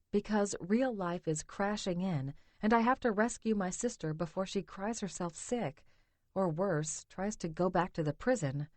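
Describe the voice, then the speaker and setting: A woman narrating a romance audiobook in the first person, measured and intimate. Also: mid-range voice, darkish tone, no room sound.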